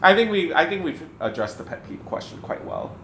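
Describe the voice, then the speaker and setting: A man from the American South co-hosting a casual Q&A vlog, rambling and animated with lots of filler words. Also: high voice, a little fast, reverberant, slight background noise. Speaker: co-host. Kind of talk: casual Q&A chat.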